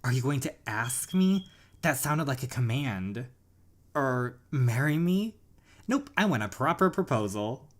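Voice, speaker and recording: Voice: mid-range voice, big pitch swings, measured pace. A gamer reading out the lines of a heartfelt young woman in a story game, close to their own voice. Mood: teasing. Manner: heartfelt, apologetic. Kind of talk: reading game dialogue aloud.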